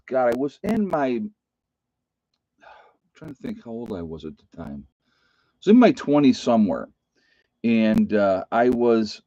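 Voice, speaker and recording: A man's voice: fairly low pitch, a little mellow, no echo, muffled recording. A middle-aged man telling a personal story to his viewers in a loose, rambling way, often restarting his sentences. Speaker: vlogger. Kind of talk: casual storytelling to camera.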